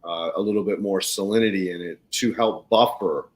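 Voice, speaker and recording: Low-voiced male podcast host. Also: fairly even intonation, normal speed, poor audio. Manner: conversational, shares own experience. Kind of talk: casual interview chat.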